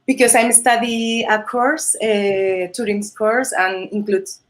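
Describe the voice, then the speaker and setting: A woman with a Spanish accent speaks English as a second language in a relaxed live interview. She talks at a mid pitch, hesitating often with fillers and restarts and laughing easily between phrases. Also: takes it slowly. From Spain. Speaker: Spanish teacher and holiday host. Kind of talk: casual interview chat. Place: video call or live stream.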